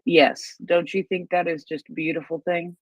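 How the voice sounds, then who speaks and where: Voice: medium pitch, level tone, normal speed, husky, dry recording. A host of an online audio chat, eagerly reading out news updates and then asking questions. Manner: eager, reads out reports then asks questions. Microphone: Twitter Space audio. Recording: dull, dry lo-fi online audio.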